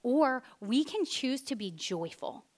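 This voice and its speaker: A woman, preaching a sermon as an animated storyteller who drops to a hush for weighty points. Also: high voice, takes it slowly. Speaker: speaker.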